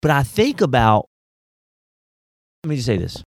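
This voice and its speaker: A man, a pastor talking faith in a casual discussion, folksy and animated, firing off rhetorical questions. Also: mid-range voice, normal speed, dry recording, studio quality.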